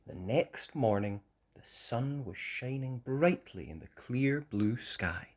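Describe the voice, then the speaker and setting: A woman reading a children's picture book aloud with gentle, expressive narration. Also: rumbling low, slow. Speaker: storybook reader.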